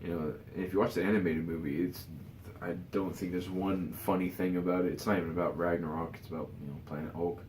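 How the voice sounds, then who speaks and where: A man's voice: low-pitched, little pitch movement, fast talker, hardly any pauses, darkish tone, roomy sound, slight background noise. A tired man giving his casual opinions in a rambling vlog, full of fillers and restarts. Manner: rambling, many "you know" fillers and restarts. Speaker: vlogger.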